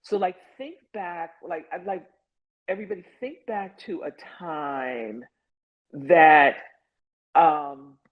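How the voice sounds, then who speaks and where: A woman's voice: sits low, slow pace. A woman guiding an online support group, talking in an earnest, conversational way over a video call. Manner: conversational, earnest, lots of "like" and "you know". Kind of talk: guided online group session. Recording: dull lo-fi video call audio.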